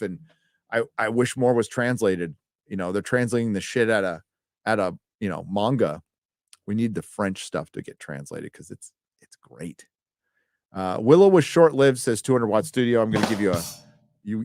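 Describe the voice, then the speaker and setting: Reading donations on his live stream, a man speaks on the low side in a dry, close recording with no echo. He is casual and chatty, swears freely and often stumbles over his words.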